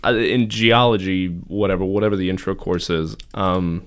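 A man's voice: deep voice, normal speed. A young man on a casual podcast, telling a self-mocking story with voiced asides and frequent laughs. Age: young adult. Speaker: podcast co-host. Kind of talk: casual chat.

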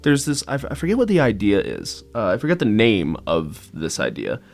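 Low-voiced man chatting in a lively ramble. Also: a little fast, creaky. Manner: rambling, searches for words, laughs often. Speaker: podcast co-host. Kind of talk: casual chat.

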